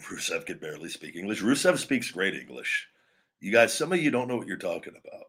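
His voice sits low and runs a little fast as this man, host of a live wrestling stream, swears heavily at online trolls. Once the rant cools, he rambles through commentary with plenty of restarts.

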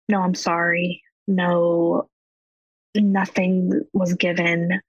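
A woman in her thirties, a guest on a podcast, telling her personal story in an emotional and halting way. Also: on the low side, little pitch movement, dry recording. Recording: dry, dull lo-fi audio.

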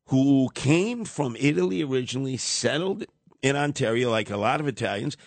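A man's voice: mid-range voice, lively intonation, normal speed, no room sound. An older man hosting a radio talk show, rambling and wisecracking as he ribs his younger co-hosts. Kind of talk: casual talk radio banter.

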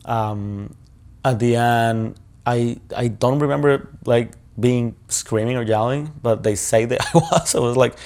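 A man's voice: medium pitch, measured pace, a little mellow. A male journalist recounting a personal ordeal in an interview, talking casually with lots of fillers and swearing.

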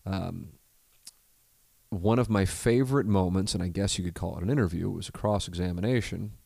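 Man, podcast host, low gravelly voice, casual storytelling, dry close sound. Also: a little fast, no room sound. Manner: storytelling, gets loud and excited when fired up; frequent fillers and restarts, drops to a low mutter. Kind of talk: casual solo podcast talk. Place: home studio.

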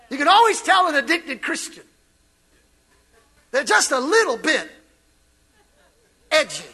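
A man preaching an energetic, playful sermon in a church, calling out to the congregation and laughing along with it. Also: extremely high pitch, slow, pauses often. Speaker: pastor.

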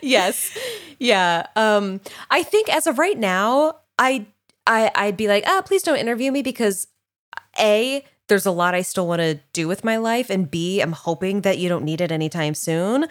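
A woman co-hosting a podcast in casual chat, expressive, laughing often and swearing casually. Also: mid-range voice, unhurried. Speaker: podcast co-host.

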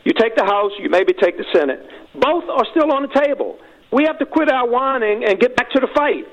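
Heated male radio caller, very high voice, muffled lo-fi phone line, rushed and repetitive. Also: big pitch swings. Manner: rushed, fired-up, repetitive restarts. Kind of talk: phoned-in call to talk radio.

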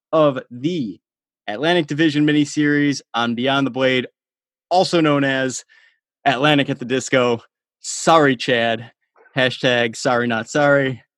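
A man's voice: mid-range voice, a bit bright, no echo. Male podcast host, mid-range voice, chatty and upbeat, dry close mic. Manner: laughs easily, upbeat and chatty. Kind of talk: casual interview chat.

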